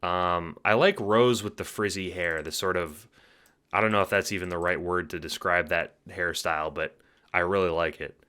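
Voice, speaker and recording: Low-voiced man gushing over fan art. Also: steady tone, normal speed, bright, forceful tone. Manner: enthusiastic, rambling, swears freely, frequent fillers. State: sleepy, yawning late at night. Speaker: host reviewing fan art. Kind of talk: casual commentary.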